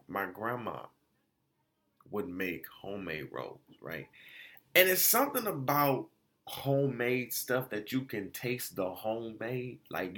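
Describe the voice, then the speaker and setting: A man casually reviewing food spots in a vlog, telling it as an animated, slangy story full of restarts and quoted exchanges. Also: lowish voice.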